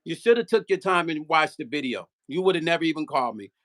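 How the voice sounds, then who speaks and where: A man's voice: on the high side, animated, fast, fairly bright tone. A man vlogging in a heated, profane rant, repeating himself and firing rhetorical questions. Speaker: musician.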